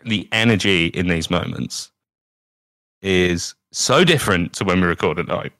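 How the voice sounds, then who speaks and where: A man's voice: low-pitched, expressive, normal speed, fairly bright tone, no echo, clean studio sound. A British man co-hosting a podcast, rambling and self-deprecating, swearing often. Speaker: podcast co-host. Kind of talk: casual podcast chat.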